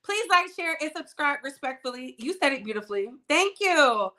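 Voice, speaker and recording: A woman's voice: high voice, big pitch swings, moderate pace, sharp tone. A young woman hosting a celebrity gossip channel, giving sassy, emphatic commentary and drawing out words for effect.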